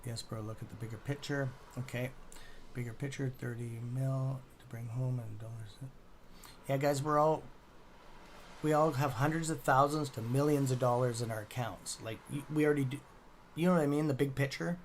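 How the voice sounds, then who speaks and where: A man's voice: medium pitch, normal speed, a little hiss or hum. A man hosting a casual live stock-trading stream, rambling and chatty with a sore throat, swearing now and then.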